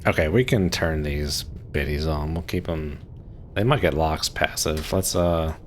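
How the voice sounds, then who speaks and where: A man's voice: very deep voice, measured pace, a little hiss or hum. A man in his thirties from Maryland, chatting casually while live-streaming a game, rambling with lots of filler words. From Maryland, USA. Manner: rambling, laid-back, heavy on "like" fillers.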